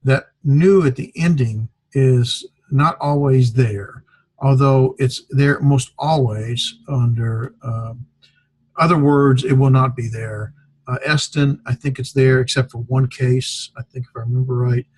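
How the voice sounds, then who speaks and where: A man's voice: mid-range voice, fairly even intonation, measured pace, darkish tone, husky. A man teaching a beginner Greek class, talking off the cuff with many fillers and self-corrections. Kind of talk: classroom lecture.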